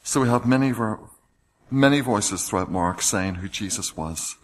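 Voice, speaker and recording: A man's voice: fairly low pitch, moderate pace, a little hiss or hum. A man preaching a sermon, reading scripture passages aloud with rising emphasis.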